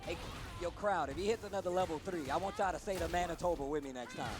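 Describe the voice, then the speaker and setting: A man commentating an esports fighting game tournament, excitable and bantering with the crowd and his co-caster. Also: high voice, quick pace. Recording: music playing behind commentary.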